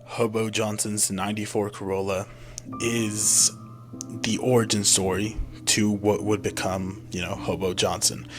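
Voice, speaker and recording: A man's voice: on the low side, flat delivery, unhurried. A young man giving blunt, self-mocking commentary as a music reviewer in a casual vlog.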